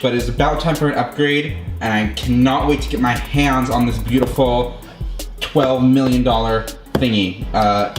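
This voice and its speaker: A man doing a casual unboxing vlog at home, gushing and excitable, often poking fun at himself. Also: medium pitch. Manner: gushing, excitable, self-mocking. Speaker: YouTuber unboxing a phone. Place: room at home. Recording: roomy echo with background music.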